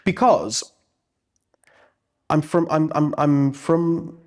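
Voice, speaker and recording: A Merseyside stage actor speaks very slowly as an interview guest, his voice a little high and darkish in tone. In this casual conversation he's reflective and sincere, with frequent restarts.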